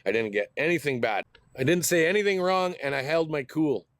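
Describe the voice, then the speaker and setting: A man's voice: fairly high pitch, expressive, fairly quick, fairly bright tone, no echo. A middle-aged man, telling a heated, profane story in a casual vlog rant. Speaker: host.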